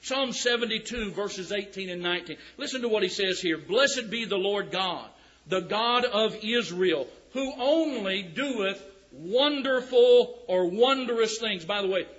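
Bright-voiced preacher, lo-fi sound. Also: male voice, high voice, animated. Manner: emphatic, drawn-out scripture reading with folksy asides. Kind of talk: sermon. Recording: dull lo-fi recording.

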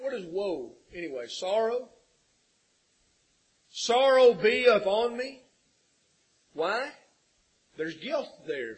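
A man preaching a sermon, asking rhetorical questions and building to loud emphasis with a husky voice. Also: sits high, poor audio. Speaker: pastor.

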